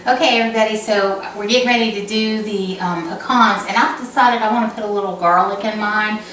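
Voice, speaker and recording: A woman's voice: medium pitch, fairly even intonation, fairly quick, fairly bright tone. A woman with a Southern US accent hosting a casual cooking vlog in her home kitchen, chatty and laughing at her own slip-ups. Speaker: cooking channel host. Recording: echoey kitchen, camera mic from a distance, background noise.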